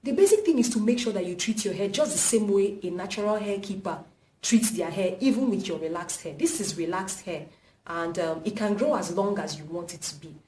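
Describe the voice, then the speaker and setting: A woman's voice: medium pitch, lively intonation, brisk, mellow, slight background noise. A young Nigerian woman with a Nigerian accent, giving hair-care tips in a casual vlog and repeating her points for emphasis. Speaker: vlogger. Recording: roomy echo, mic at a distance.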